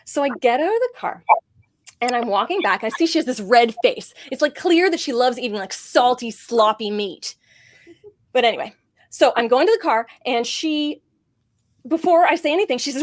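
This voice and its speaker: Woman, stand-up comic, storytelling set, animated delivery with sudden high punchlines, slightly high voice. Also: normal speed. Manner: animated storytelling, big jumps in pitch on punchlines. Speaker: student stand-up comedian. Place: comedy showcase stage.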